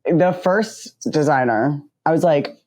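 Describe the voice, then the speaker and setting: Animated podcast co-host telling a story. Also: medium pitch, takes it slowly. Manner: animated storyteller, acts out quoted exchanges. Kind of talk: casual chat.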